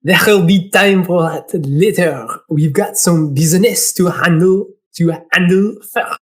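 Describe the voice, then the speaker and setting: A man voicing a dutiful, proper bird assistant in a let's play, reading the lines in a lowered, earnest tone. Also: measured pace.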